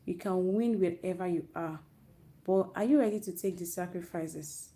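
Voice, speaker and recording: Addressing young people on a live stream from her own network, a woman speaker gives a heartfelt, motivating talk about faith, often starting phrases over. Her voice is lowish and dark-toned, moving at a normal speed.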